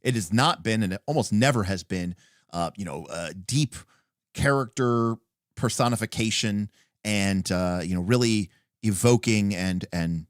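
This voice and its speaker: A man's voice: lowish voice, measured pace, no echo, clean studio sound. A man hosting a casual livestream, thinking aloud about a tabletop rulebook in a rambling way full of fillers. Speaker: stream host.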